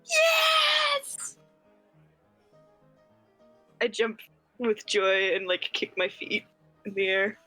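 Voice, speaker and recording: A young woman playing in a tabletop game, giggly and answering quickly in character. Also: medium pitch, fairly even intonation, a bit bright, soft background music, low-quality recording. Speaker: player. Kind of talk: tabletop role-play.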